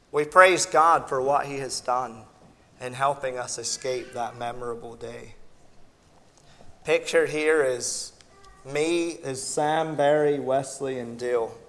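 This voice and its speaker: An American man, a missionary, gives a personal testimony at a Sunday evening church gathering, at an ordinary pitch for a man. He tells the story vividly, with sound effects and acted-out dialogue. His voice carries a long reverb, as if in a large hall. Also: bright, forceful tone. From United States.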